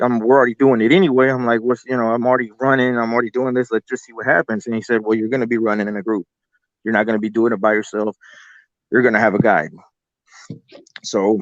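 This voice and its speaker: A man's voice: medium pitch, a bit bright, no room sound. Guy telling a wild story, swears a lot, dry muffled sound. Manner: profane, rambling, quotes people as he goes. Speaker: guest telling an encounter story. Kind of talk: casual storytelling.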